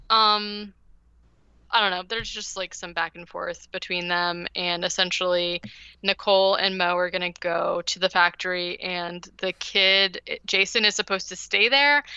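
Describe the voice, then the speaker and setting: A woman's voice: medium pitch, unhurried, bright, forceful tone, clear, resonant tone, no room sound, highs cut off. A woman podcast host casually recapping a movie, rambling with lots of "like" and "um". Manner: rambling, heavy use of "like" and "um".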